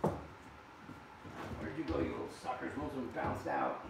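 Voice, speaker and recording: Gravelly guy rambling and joking at his workbench, echoey shop, noise in the background. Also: medium pitch, big pitch swings, brisk, pauses often. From America. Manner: chatty, joking asides to viewers. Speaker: shop owner testing air guns on camera. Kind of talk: casual workshop vlog. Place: indoor workshop. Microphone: camera set far away.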